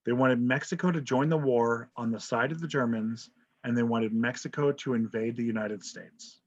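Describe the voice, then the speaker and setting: A man's voice: mid-range voice, fairly even intonation, normal speed. A man teaching an online history class, talking casually, joking and checking in with "right?". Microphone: video call. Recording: dull lo-fi video call audio.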